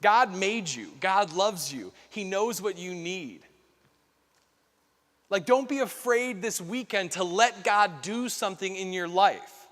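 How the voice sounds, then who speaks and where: Bright high-voiced man preaching in a hall. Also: animated, slow pace. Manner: earnest, conversational, filler-heavy. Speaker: keynote speaker. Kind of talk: conference keynote talk. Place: large hall. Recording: long hall reverb.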